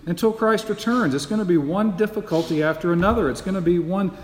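A man preaches with a fairly high voice, pressing each point and repeating key phrases as he puts rhetorical questions to the congregation. His words ring through a roomy church hall. The reverb trails long after each phrase. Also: quick pace, a little hiss or hum. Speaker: pastor. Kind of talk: sermon.

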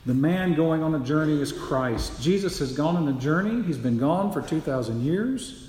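A man's voice: fairly high pitch, animated, moderate pace, darkish tone. Emphatic preacher, man, echoing hall. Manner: emphatic, repeats key phrases, asks rhetorical questions. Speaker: pastor. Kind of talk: sermon. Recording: echoey hall with long reverb.

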